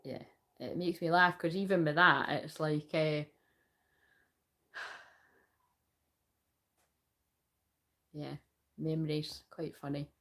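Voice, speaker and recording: Chatty woman doing a tarot reading, swears a lot, keeps laughing, lowish voice. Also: fairly even intonation, drawn-out words, pauses often, a bit bright. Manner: rambling, swears freely, laughs often. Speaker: tarot reader. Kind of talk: casual live tarot reading.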